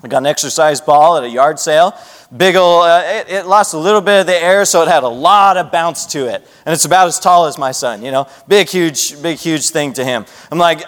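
A slightly high, fairly bright voice comes from a man in his thirties speaking a little fast in a large hall. He's a youth pastor whose sermon includes heartfelt prayer and personal family stories. He even imitates his kids' voices while telling them.

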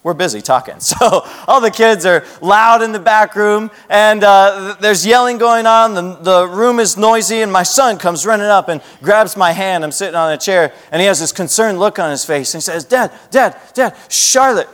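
Earnest youth pastor in a reverberant hall. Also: male voice, high-pitched, normal speed, hardly any pauses, clean tone. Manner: earnest, lively storyteller who acts out children's voices. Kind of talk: sermon with prayer and personal storytelling.

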